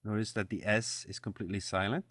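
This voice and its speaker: A man's voice: lowish voice, little pitch movement, fast talker, fairly bright tone, no room sound, clean studio sound. A man teaching a French lesson, patiently explaining pronunciation and repeating phrases for the listener to copy. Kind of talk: language lesson with repeat-after-me drills.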